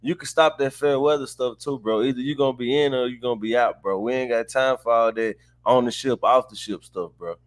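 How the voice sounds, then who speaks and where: A man's voice: medium pitch, fairly even intonation, brisk, few pauses. A man co-hosting a sports podcast, speaking bluntly and emphatically in casual talk. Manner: blunt, emphatic, says "bro". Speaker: podcast co-host.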